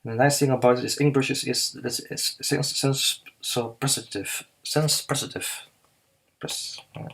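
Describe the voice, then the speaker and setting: Halting, husky-voiced man teaching drawing. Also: mid-range voice, little pitch movement, fairly bright tone, low-quality recording. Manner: halting, many fillers and restarts, slow and careful. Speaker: artist teaching live drawing. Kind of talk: live drawing demonstration.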